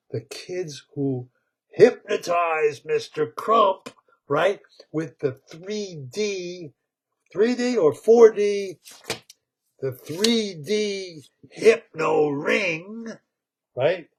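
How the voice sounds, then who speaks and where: A man retelling a cartoon story in a rambling, animated way, laughing as he goes. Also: high-pitched, breathy edge. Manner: rambling, animated, laughs at his own tale.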